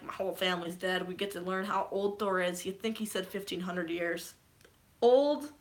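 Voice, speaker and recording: A young woman with a bright, clear voice talks fast and loose about a movie she loved. She swears freely, says "um" a lot and jumps into quoted lines as she retells scenes. The tone is casual and eager. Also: mid-range voice. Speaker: vlogger. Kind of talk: casual spoiler recap.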